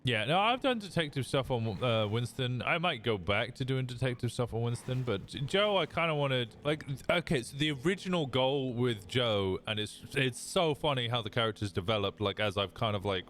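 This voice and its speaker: A man's voice: mid-range voice, animated, normal speed, hardly any pauses, a bit bright, slight background noise. A young man with an English accent chatting casually on a live stream while gaming, rambling and self-mocking, breaking into laughs and the odd curse.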